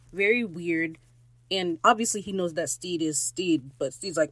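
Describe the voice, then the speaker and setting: Excitable woman gushing over a show. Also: a little slow, dry recording, poor audio. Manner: excitable, gushing, swings loud and high when thrilled. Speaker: podcast host. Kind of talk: casual episode recap.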